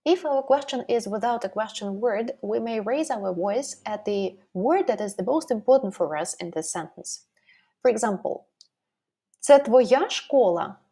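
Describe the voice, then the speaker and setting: A woman teaching a language lesson, slowly modeling example sentences and questions. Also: mid-range voice, expressive, dark tone, husky. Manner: slow, deliberate modeling of example phrases.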